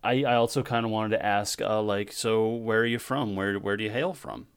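Podcast host, male, slightly low voice, jokey and easygoing. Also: steady tone, moderate pace, smooth, no room sound. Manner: jokey, laughs easily. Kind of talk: casual chat.

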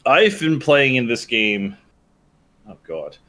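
A man in casual group chat, telling a long story in an animated, rambling way with restarts. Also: medium pitch, takes it slowly. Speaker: guest.

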